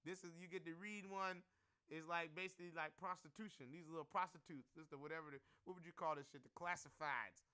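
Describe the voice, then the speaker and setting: A man's voice: a little high, fairly even intonation, fast talker, sharp tone, clear, resonant tone. A man giving rambling, profane, slang-heavy commentary as a stock market live-streamer.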